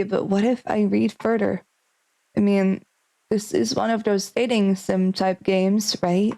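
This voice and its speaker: A young woman streaming a visual novel, reading the game text aloud and thinking out loud between lines in a chatty, speculative way. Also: medium pitch, gravelly, poor audio.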